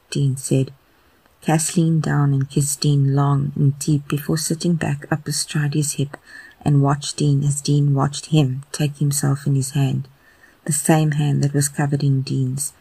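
A podcast narrator giving a slow, even, intimate audio fan fiction reading. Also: mid-range voice, husky, no room sound.

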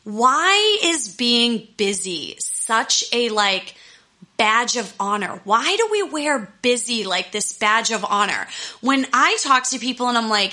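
Bright, candid woman coach talking. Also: a little high, big pitch swings, takes it slowly. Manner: candid, fired-up, swears freely. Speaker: life coach. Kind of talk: casual solo talk to listeners.

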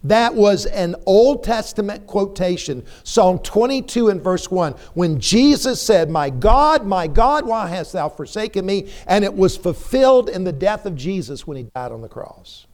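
A man preaches slowly and deliberately in a church service. His voice sits a little higher than most men's. He drives his points home with repeated phrases and pointed rhetorical questions, swelling and dropping in intensity. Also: a little mellow. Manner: emphatic, repetitive rhetorical questions, rising and falling intensity. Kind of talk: sermon. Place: church sanctuary.

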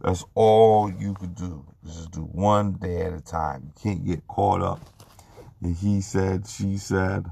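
Deep gravelly man with halting, earnest speech. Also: steady tone, warm tone. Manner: earnest, halting, with many restarts and repeated words. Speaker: person giving a testimony. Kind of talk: personal testimony, unscripted talk.

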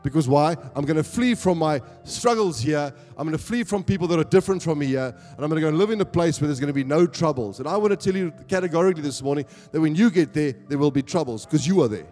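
A South African pastor preaches to his congregation, his fairly high voice swelling into emphatic calls for an amen. The sound carries the long reverb of a church hall, with faint music underneath. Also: animated, fast talker, few pauses, darkish tone. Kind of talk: sermon.

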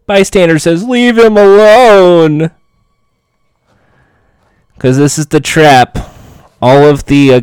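A man's voice: fairly high pitch, smooth, dry recording, studio quality. A man giving a casual, sarcastic, profane play-by-play recap of a TV episode.

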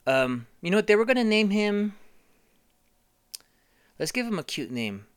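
A comedian telling a rambling, profane improvised story in a deadpan way. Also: mid-range voice, a little slow, clear, resonant tone, no room sound, studio quality.

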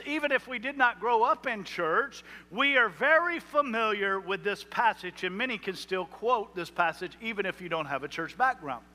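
A male pastor preaching a sermon, emphatic, with slow dramatic pauses on key words. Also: very high voice, bright, forceful tone. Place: church sanctuary. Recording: reverberant hall.

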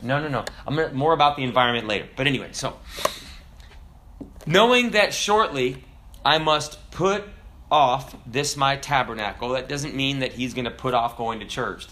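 A man preaching a sermon in a conversational, humorous way, acting out little quotes and slowing down to quote scripture. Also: mid-range voice, fairly bright tone, slight background noise. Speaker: pastor.

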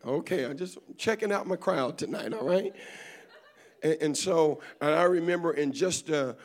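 A man preaching a sermon as bishop to a congregation, with call-and-response, "amen" after nearly every line, folksy humor and storytelling, and rising fervor. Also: normal speed. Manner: builds to loud, higher-pitched fervor. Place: church service before a congregation.

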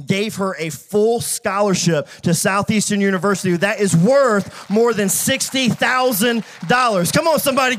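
A middle-aged man pastor preaching a sermon, telling a story and rising to shouted praise. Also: fairly high pitch.

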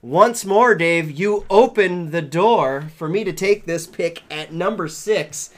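A man's voice: sits high, slow. A man co-hosting a casual podcast chat, making wry, teasing remarks and arguing for his pick. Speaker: podcast co-host.

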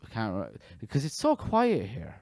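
A man's voice: mid-range voice, huge pitch swings, moderate pace, creaky, darkish tone, dry recording, clean studio sound. A man hosting a casual interview in a chatty, rambling way, often restarting his sentences. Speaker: podcast host, interviewer.

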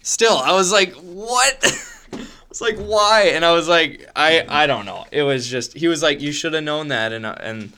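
Young male co-host, bright tense tone, easygoing, giggly storyteller. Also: fairly high pitch, expressive, moderate pace, few pauses, smooth. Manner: laughs often, easygoing, rambling storytelling. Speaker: podcast co-host. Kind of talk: casual podcast chat.

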